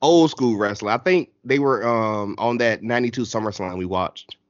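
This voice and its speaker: A man co-hosting a casual wrestling chat, animated and slangy, laughing often. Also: medium pitch, moderate pace, dry recording, highs cut off. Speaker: podcast co-host.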